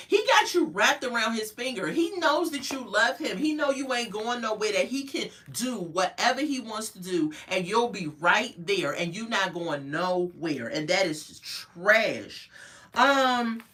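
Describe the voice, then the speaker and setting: Bright-voiced woman gossiping to viewers. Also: mid-range voice, distant mic. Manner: chatty, addresses viewers directly. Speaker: reality TV reviewer. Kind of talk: casual gossipy recap.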